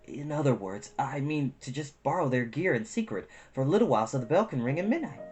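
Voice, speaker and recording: A woman's voice: low-pitched, big pitch swings, fast talker. A woman voicing a fretful, flustered male town mayor in a storybook reading, with guitar music behind. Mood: hushed. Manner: flustered, pleading.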